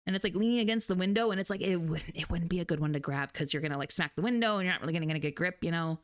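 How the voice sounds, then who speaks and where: A woman streamer in a chatty, animated casual talk, laughing often. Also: on the low side, rapid-fire. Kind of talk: casual chat.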